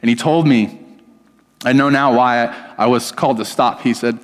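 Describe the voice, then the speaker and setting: A man's voice: medium pitch, normal speed. Man preaching in a reverberant church hall. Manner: storytelling, animated, self-deprecating. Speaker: pastor. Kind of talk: sermon.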